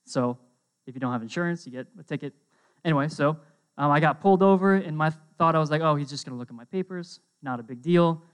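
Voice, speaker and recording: Young guy preaching, chatty and animated, bit of a higher voice, lots of "right?". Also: quick pace, clean tone. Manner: animated storytelling. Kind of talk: casual sermon.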